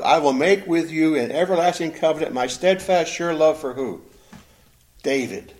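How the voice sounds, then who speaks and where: A pastor delivers a sermon in a fairly high voice for a man. He reads scripture loudly and slowly, then sinks to a low, quiet voice for his own remarks. When he pleads, he repeats his words. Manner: swells loud and slows when reading scripture, drops low and quiet on asides.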